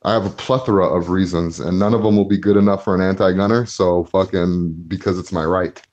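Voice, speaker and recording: A low-pitched man hosts a loose, profane podcast chat. He laughs often and gets worked up when he talks. The audio is dull and lo-fi. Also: fairly even intonation, a little fast, darkish tone. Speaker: podcast host reading chat.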